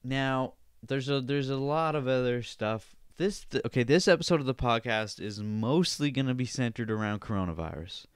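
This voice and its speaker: Young guy ranting on his podcast, swears a lot, smooth clear voice, dry close mic. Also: medium pitch, moderate pace, hardly any pauses, dry recording. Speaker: podcast host. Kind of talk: casual solo podcast rant.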